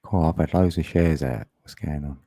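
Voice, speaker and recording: Laid-back deep-voiced man streaming. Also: fairly even intonation, moderate pace, dark tone, husky, no room sound. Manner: chatty, laughing often, greeting viewers. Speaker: live streamer. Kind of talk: casual live-stream chat.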